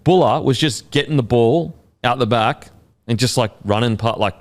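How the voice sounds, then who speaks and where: A man with an Australian accent hosting a casual sports podcast, animated and swearing, full of fillers. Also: medium pitch, moderate pace. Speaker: podcast host.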